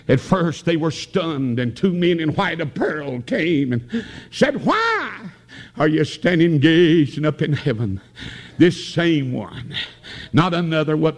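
Folksy tales swell into shouted praise as an older Appalachian preacher from the North Carolina mountains leads a revival. His voice is on the high side.

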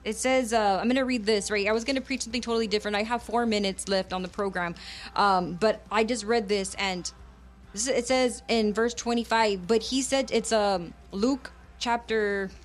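A woman radio preacher with a high voice delivers a fervent sermon, switching back and forth between English and Spanish.

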